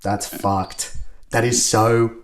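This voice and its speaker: A man's voice: fairly low pitch, flat delivery, slight background noise. Man joking loosely on a podcast. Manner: laughing, quick to react, loose banter. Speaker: podcast co-host. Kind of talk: casual chat.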